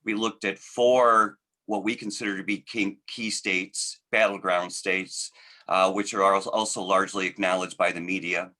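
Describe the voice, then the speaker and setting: A man on a video call introducing a webinar and its speaker, measured and filled with hesitant "uh"s. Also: sits low, flat delivery, bright, forceful tone. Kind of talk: formal introduction.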